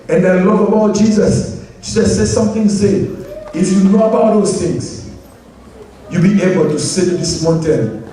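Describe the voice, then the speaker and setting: High-voiced preaching man in an echoey hall. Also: normal speed, mellow, slight background noise. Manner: emphatic, repetitive preaching in non-standard English; asks the congregation for responses. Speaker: pastor. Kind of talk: sermon. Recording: very echoey room, mic at a distance.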